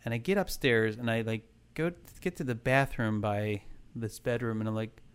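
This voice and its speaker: A man's voice: medium pitch, normal speed, clean tone. A man in casual chat, telling a ghost story in a rambling way, full of fillers and restarts.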